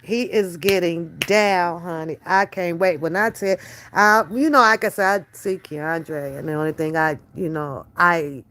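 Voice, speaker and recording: A woman's voice: on the low side, measured pace, a bit bright, a little hiss or hum. An older woman hosting a reaction stream, trading blunt, profane trash talk and then cooing at her toddler grandson. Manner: switches to doting baby talk with a toddler. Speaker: reaction channel host. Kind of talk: casual livestream commentary.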